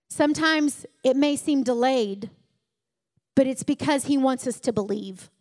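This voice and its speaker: A woman preaching a sermon, retelling scripture stories and building to emphatic peaks. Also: a little high.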